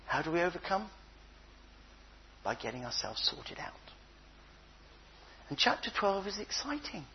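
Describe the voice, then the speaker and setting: An older man preaching a sermon, telling stories with playful voices and a husky tone. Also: high-pitched, unhurried, lo-fi sound, slight background noise. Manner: animated storytelling with playful voices.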